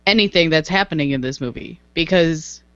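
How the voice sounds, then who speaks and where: A woman's voice: deep voice, brisk, clear, resonant tone, no echo. Emphatic woman podcast host, dull dry sound. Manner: emphatic, repeats herself. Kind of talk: casual chat.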